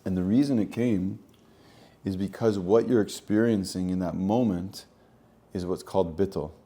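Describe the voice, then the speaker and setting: Low mellow-voiced man teaching spirituality. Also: normal speed. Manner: earnest, repeats phrases, uses Hebrew terms. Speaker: spiritual coach. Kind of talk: teaching monologue.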